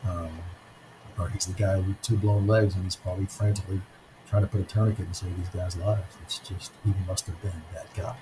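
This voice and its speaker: A man in his fifties, a guest author telling stories in a conversational interview, speaking haltingly with frequent ums and restarts. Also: low-pitched, little pitch movement, background noise. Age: 50s.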